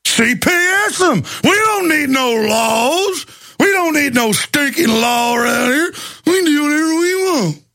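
A man's voice: extremely high pitch, lively intonation, unhurried, pitched above the performer's own voice, full character voice. A man putting on a bossy, blustering small-town cop, barking mocking orders. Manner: mocking, shouting, drawling.

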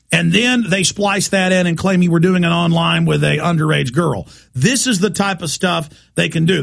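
A man delivers a heated talk radio monologue in a fairly high voice with a heavy gravelly fry. He talks emphatically, with urgent warnings and frequent restarts. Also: fairly bright tone. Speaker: radio talk show host.

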